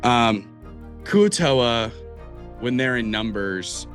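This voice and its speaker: A man's voice: medium pitch, lively intonation, drawn-out words, a bit bright, faint music behind. A man narrating as game master, explaining the world in a casual, rambling way. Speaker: dungeon master.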